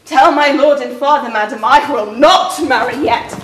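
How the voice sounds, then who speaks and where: A woman's voice: high-pitched, normal speed, a little hiss or hum, natural voice. An actress on a theatre stage playing a defiant young woman refusing a forced marriage, echoing in the hall. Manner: defiant, indignant. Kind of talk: stage acting. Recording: echoey hall from the audience.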